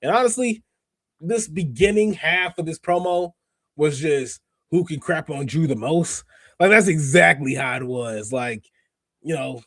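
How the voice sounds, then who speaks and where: Excitable slangy man, dry close sound. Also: a little high, unhurried, dry recording. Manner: animated and slangy, full of fillers and restarts. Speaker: podcast host. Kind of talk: casual wrestling recap chat.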